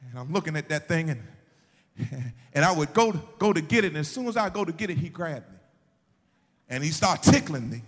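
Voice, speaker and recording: A man preaching a sermon, telling a story and building to shouted, sing-song peaks. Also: fairly high pitch, lively intonation, normal speed, slightly rough. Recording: long hall reverb, faint music behind.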